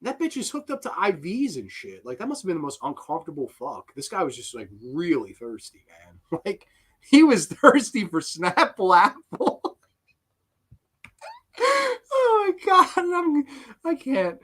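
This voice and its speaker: A man's voice: on the high side, wildly swooping pitch, moderate pace, fairly bright tone, slightly rough. A young man giving rambling, profane live commentary on a horror film and breaking into giggling fits.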